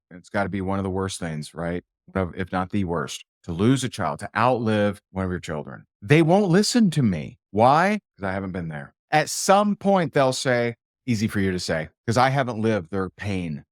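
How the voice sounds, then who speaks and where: A man's voice: fairly low pitch, no echo, clean studio sound. A man, a sales and business coach, giving an emphatic motivational talk to an audience, firing rhetorical questions and repeating his phrases.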